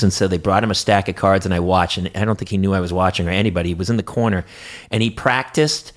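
A man from New Hampshire and Boston, an actor and improviser, telling lively show-business stories in a casual chat, swearing freely and jumping his pitch for quoted voices. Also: fast talker. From New Hampshire and Boston, USA.

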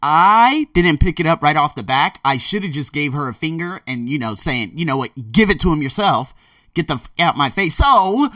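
A man talks in a loose, rambling monologue, emphatic and quick to swear. His voice sits at an ordinary mid pitch. He is a little distant from the microphone, in a dry space with no room echo. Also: sharp tone. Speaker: podcaster discussing a book. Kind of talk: casual monologue.

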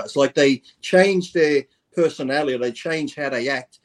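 A man's voice: fairly high pitch, normal speed. Blunt, swearing man. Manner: blunt and profane, speaks his mind. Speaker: podcast guest. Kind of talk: casual podcast chat.

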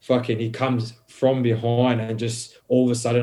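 A man sits in as a podcast guest and tells a story in loose, casual talk. His voice sits at an ordinary middle pitch. He swears constantly, rambles, and keeps dropping in fillers as he goes. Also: normal speed, heavy background noise. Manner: swears heavily, rambling and animated; many fillers like "um" and "bro".

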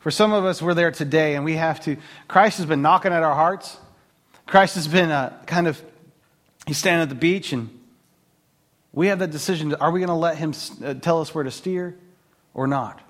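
A man preaching a conversational sermon as a pastor, telling stories with jokes and laughs and a lot of filler words. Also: on the high side. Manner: animated, joking storyteller with laughs and filler words.

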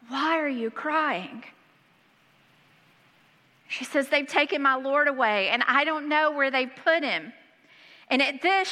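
A woman pastor preaching a sermon, reading scripture and breaking in with lively asides. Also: high voice. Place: church hall. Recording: long hall reverb.

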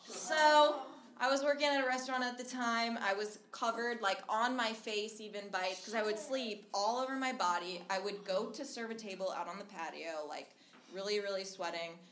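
A woman's voice: mid-range voice, normal speed, fairly bright tone. A young woman telling a personal story at a live storytelling show, chatty, full of "like" and restarts, acting out the quotes. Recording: echoey room with faint noise.

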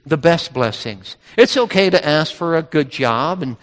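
High-voiced preaching man in a reverberant hall. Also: animated, measured pace. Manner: emphatic preaching with rising intensity and repetition. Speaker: pastor. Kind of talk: sermon.

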